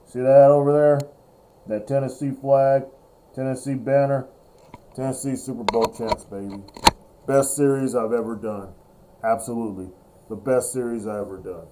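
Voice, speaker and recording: A young man hosts a sports video game channel and talks on in an emotional, looping way, cheering and repeating himself. His voice is mellow and dark in tone. Faint noise sits behind it. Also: medium pitch, steady tone. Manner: emotional, repetitive, breaks into drawn-out cheers. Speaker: gaming channel host. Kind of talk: excited gameplay commentary.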